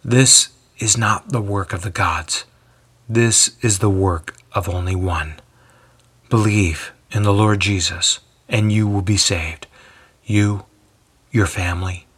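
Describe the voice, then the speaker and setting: Brief: weary, gentle wounded apostle, voiced by a male narrator, low and husky, soft and measured. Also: heavily acted. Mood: calm.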